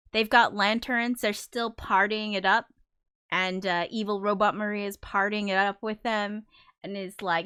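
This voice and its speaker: A woman's voice: mid-range voice, sharp tone, clean tone, dry recording, clean studio sound. A woman hosting a casual livestream, chatting in a rambling, giggly way with many fillers. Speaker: livestream host, musician.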